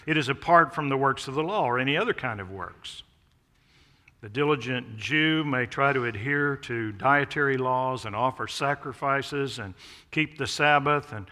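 A man preaching a sermon as pastor of a church, emphatic, swelling loud on key phrases and dropping low on others. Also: in a large hall. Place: church sanctuary.

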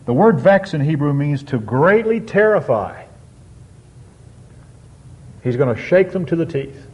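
A man preaching a sermon on a psalm, reading scripture slowly and drawing out key words with emphatic swings. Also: a little high, expressive, darkish tone. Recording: dull lo-fi sound.

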